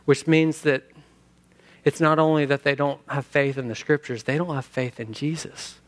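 Animated man preaching a sermon. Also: on the high side, moderate pace. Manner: animated, acts out quotes, sings hymn lines. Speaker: pastor.

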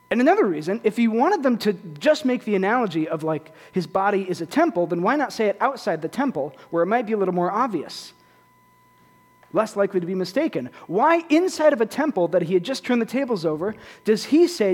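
Male pastor, fairly high voice, animated sermon delivery with jokes, long church reverb. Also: fast talker. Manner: animated, joking asides to the congregation. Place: church sanctuary.

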